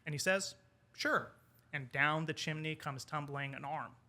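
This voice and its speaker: A man, an English professor, telling a folk tale in casual conversation over wine, animated and quoting the characters. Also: on the high side, normal speed. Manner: animated retelling with quoted character lines. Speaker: podcast guest, English professor.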